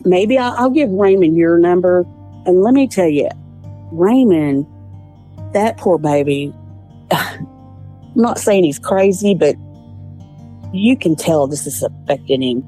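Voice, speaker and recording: Low, mellow woman, halting speech. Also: expressive, faint music behind. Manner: halting, frustrated, restarts often. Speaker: interviewee. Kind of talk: casual interview.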